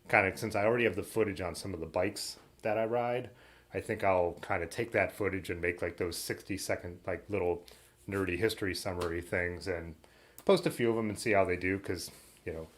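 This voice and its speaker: A man hosting a casual livestream from his workshop, rambling loosely with lots of fillers and trailing thoughts. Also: low-pitched. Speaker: livestream host. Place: basement workshop. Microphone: laptop setup.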